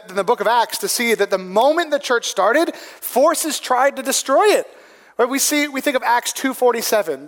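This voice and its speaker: A man's voice: very high voice, fairly bright tone, big-room sound. A man preaching a sermon in a conversational way, often asking "right?" to a room with people present. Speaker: pastor.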